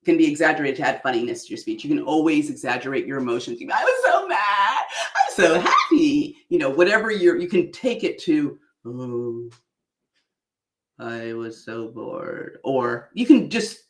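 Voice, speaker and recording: Animated woman coaching, echoey room. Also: low voice, quick pace. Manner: animated, exaggerated delivery with frequent laughs. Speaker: public speaking coach. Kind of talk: online workshop talk.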